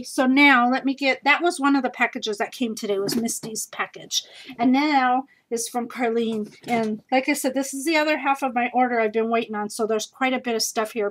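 A woman with a slightly high voice chats in a casual home haul video and gushes over each craft item she holds up. She talks quickly and eagerly, with plenty of fillers and small asides. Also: poor audio. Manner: bubbly and gushing, with many fillers and quick asides. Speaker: scrapbooking vlogger showing a craft haul.

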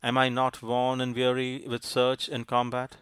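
A man's voice: mid-range voice, monotone, a little slow, a bit bright, smooth, no room sound, natural voice. A man voicing a proud, jealous prince who speaks coldly and aloofly. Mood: resentful. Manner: cold, aloof.

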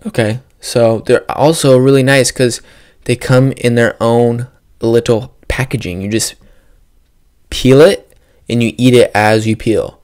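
A man's voice: mid-range voice, steady tone, unhurried, a little mellow. A young man hosting a solo podcast, rambling and joking with lots of profanity. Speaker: podcast host. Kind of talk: casual solo podcast rant. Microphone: podcast microphone.

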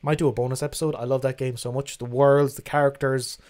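A man's voice: medium pitch, little pitch movement, fast, darkish tone. A young man hosting a casual livestream, reading out viewer questions and answering them in a frank, chatty way that includes casual swearing. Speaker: livestream host.

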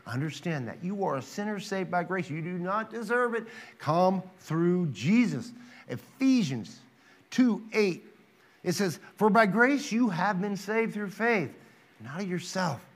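Animated, high-pitched preaching man. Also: a little slow. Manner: emphatic preaching, reads scripture aloud, rhetorical questions; dramatizes quotes with sudden loud rises. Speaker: pastor. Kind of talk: sermon.

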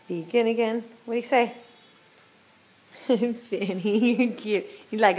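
A woman's voice: a little high, steady tone, slow, long pauses, a little mellow, husky. A woman who cares for boarded cats, chatting to one in a sing-song baby-talk voice for a casual vlog. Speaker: cat boarding carer. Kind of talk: casual vlog, talking to a cat.

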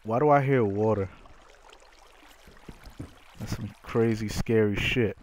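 A man hosting his own gaming channel, giving profane, excitable let's-play commentary as he reacts aloud to the game. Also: lowish voice, a little slow, pauses often. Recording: loud game music behind.

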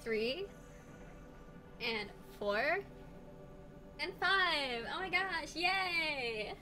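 A woman's voice: high voice, animated, over music, pitched above the performer's own voice, full character voice. Woman putting on a Valley Girl voice, all likes. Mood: bubbly. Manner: drawn-out likes and oh my goshes.

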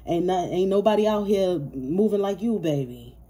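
Low-voiced, profane woman reading tarot. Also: lively intonation, normal speed, mellow. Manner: profane, laughing, playful hype-talk. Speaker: tarot reader. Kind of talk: casual tarot reading monologue.

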